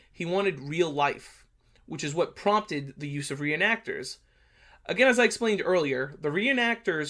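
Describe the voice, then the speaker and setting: A man's voice: fairly high pitch, fairly bright tone. A man with a blunt New York accent, hosting a history channel and casually talking through a movie review. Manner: blunt, brash, chatty with many fillers.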